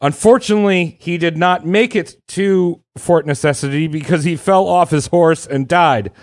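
A man's voice: on the high side, moderate pace, no echo, studio quality. A young man casually retelling history as a podcast host, irreverent and profane, often laughing as he talks. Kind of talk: casual storytelling chat.

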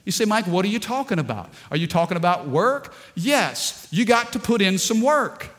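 A man pastor preaching a lively sermon, calling out to the congregation and telling funny stories. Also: sits high, moderate pace. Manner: dynamic preaching, call-and-response with congregation, storytelling with humor. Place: large church sanctuary. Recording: long hall reverb.

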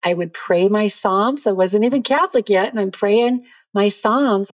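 Podcast guest: earnest woman, mid-range voice, lively storyteller, dry sound. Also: mid-range voice, moderate pace, dry recording. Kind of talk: faith testimony in a podcast interview.

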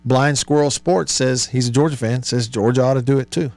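A man's voice: medium pitch, steady tone, fairly quick, darkish tone, no room sound. A man hosting a sports call-in show, reading listener texts aloud and musing over them in a chatty way, with many fillers. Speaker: sports radio host.

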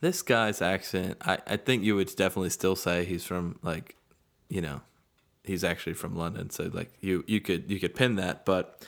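A man's voice: low voice, gravelly, a bit bright. A man in his thirties hosting a casual podcast, easygoing and rambling, poking fun at himself. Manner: easygoing, rambling, self-deprecating. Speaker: podcast host.

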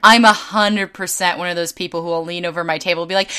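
A young adult woman hosting a podcast, telling convention stories in casual chat, animated, swearing freely and laughing often. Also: medium pitch, moderate pace, few pauses. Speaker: podcast host and convention artist.

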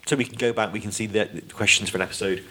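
A man's voice: on the low side, rapid-fire, pushed and bright, slight background noise. A British man co-hosting a podcast, chatting easily, reading out listener questions and laughing often. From Britain. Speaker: podcast co-host.

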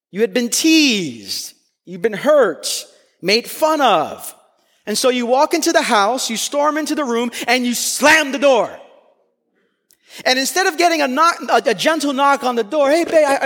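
A man with an unusually high-pitched voice delivers a sermon. He speaks earnestly and with strong emphasis, at times lifting almost to a shout. His voice carries a long reverb that fills a large hall. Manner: earnest and emphatic, rising to near-shouts on key points. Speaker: preacher.

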